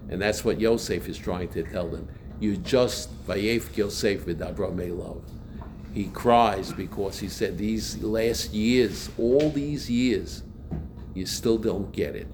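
A man's voice: on the low side, noisy background. Earnest male rabbi teaching a class. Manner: earnest, explanatory, quotes inner thoughts. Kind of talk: Torah lesson.

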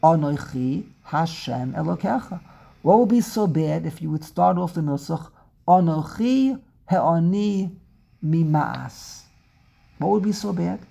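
A Torah teacher gives a lecture on Hebrew prayer and scripture, posing rhetorical questions and repeating words as she builds each point. Her voice is deep, gravelly and dark with a breathy edge, at a normal speed.

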